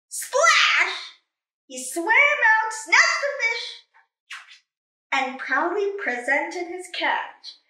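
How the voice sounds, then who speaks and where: A woman reading a children's picture book aloud in an expressive, animated way. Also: sits high, distant mic. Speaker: storybook reader. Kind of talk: children's story read-aloud. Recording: echoey room, away from mic.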